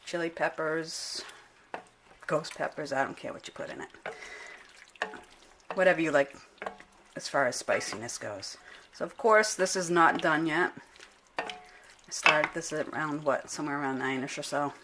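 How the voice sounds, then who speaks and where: A woman's voice: deep voice, normal speed, long pauses, background noise. A middle-aged woman talking through a home cooking demonstration in a casual, unpolished way, often stopping to correct herself. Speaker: home cook vlogger. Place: home kitchen. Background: clinking pots, pans and cutlery.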